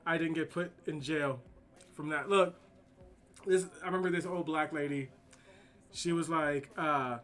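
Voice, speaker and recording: A man's voice: fairly high pitch, steady tone, moderate pace, fairly bright tone. Slangy, profane man telling stories. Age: adult with kids. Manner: profane, slangy, rambling anecdotes. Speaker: streamer. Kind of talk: casual storytelling while drawing.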